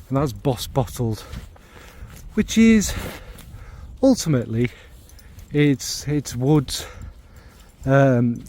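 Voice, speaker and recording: A man's voice: medium pitch, mellow. A man chatting casually about fragrances to his viewers, rambling and tossing in lots of fillers and tag questions. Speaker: fragrance reviewer. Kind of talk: casual chat to camera.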